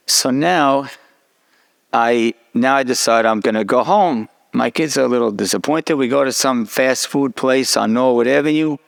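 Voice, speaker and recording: A man's voice: medium pitch, vocal fry. A middle-aged man, a rabbi, telling a personal story in a sermon and acting out the dialogue. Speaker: rabbi giving a talk.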